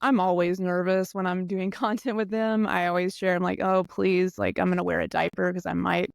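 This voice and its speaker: A woman's voice: lowish voice, little pitch movement, a little fast, gravelly, no echo, clean studio sound. A woman guest on a podcast, chatting casually and laughing often. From eastern United States. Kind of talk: casual chat.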